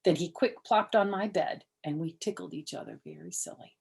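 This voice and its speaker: Husky grandmother reading a storybook. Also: on the low side, moderate pace. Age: older. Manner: animated, chatty asides to listeners. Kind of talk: reading a children's chapter book aloud.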